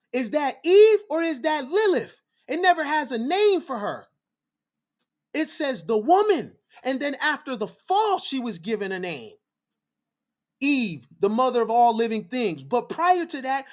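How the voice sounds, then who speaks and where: Male livestream host, preachy and fiery, lively swooping pitch, repeats lines for emphasis. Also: unhurried.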